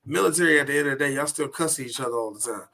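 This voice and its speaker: A man's voice: very fast, creaky. A man in his thirties co-hosting a podcast, chatting casually and animatedly, laughing often. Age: 30s. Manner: animated, laughs often, jumps into high mocking voices. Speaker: podcast co-host. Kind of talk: casual chat.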